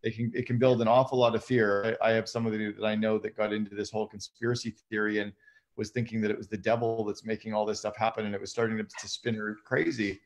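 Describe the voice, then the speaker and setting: Male guest, low gravelly voice, conversational and methodical. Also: flat delivery, quick pace. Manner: conversational, explains habits step by step. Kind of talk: casual live conversation.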